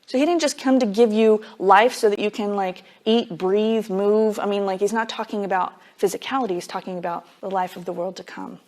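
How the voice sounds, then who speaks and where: A woman's voice: mid-range voice, brisk, few pauses, a little mellow. A woman Bible teacher giving a conversational sermon, casual and emphatic, dropping frequent "like" fillers as she explains.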